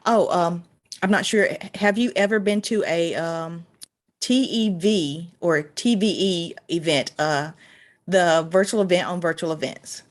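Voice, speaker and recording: A woman's voice: fairly low pitch, a little slow, no room sound. A woman hosting an interview on a video call, speaking hesitantly with many ums and uhs. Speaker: interview host. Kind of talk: casual interview chat.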